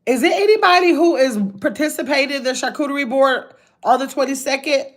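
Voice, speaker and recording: A woman's voice: sits high, a little fast. Chatty grandmother hosting a livestream. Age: older. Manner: chatty, talks to viewers as y'all. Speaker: livestream host. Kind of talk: casual livestream chat reading comments. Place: hotel room.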